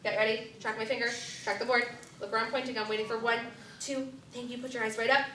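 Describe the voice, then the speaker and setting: A woman teaching first graders to blend words, with clear, directive prompts and counting down. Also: a little high, steady tone, quick pace, bright, forceful tone, slight background noise. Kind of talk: classroom reading lesson. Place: classroom. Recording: echoey classroom from far off, children around.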